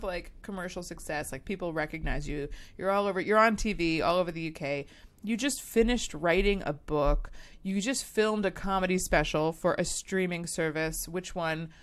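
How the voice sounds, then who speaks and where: A woman co-hosting a podcast, telling stories in a casual chat, animated and laughing, with many fillers. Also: lowish voice. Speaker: podcast co-host.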